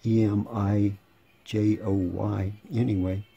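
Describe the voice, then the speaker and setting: A man's voice: lowish voice, level tone, slow, gravelly, warm tone, muffled recording. A man in his sixties casually reading chat messages aloud, with dry sarcastic asides and a rambling way of talking. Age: 60s. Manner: rambling, repeats and restarts words. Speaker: channel host.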